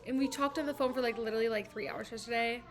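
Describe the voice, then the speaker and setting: A woman's voice: a little high, fairly even intonation, racing. A woman in her twenties co-hosting a podcast, chatty and gossipy, leaning on "like". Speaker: podcast co-host. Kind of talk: casual chat. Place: home.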